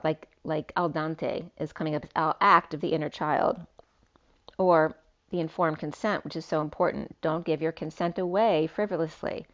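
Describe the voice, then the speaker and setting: A woman's voice: low-pitched, fairly even intonation, moderate pace, a bit bright. A woman giving a rambling tarot reading, free-associating through wordplay. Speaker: tarot reader. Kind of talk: spiritual tarot reading monologue. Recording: dull lo-fi sound.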